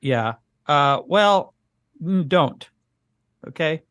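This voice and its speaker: A man's voice: a little high, lively intonation, very slow, fairly bright tone, smooth, dry recording. A man co-hosting a comedy podcast, chatting casually as the mildly exasperated straight man. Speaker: podcast co-host.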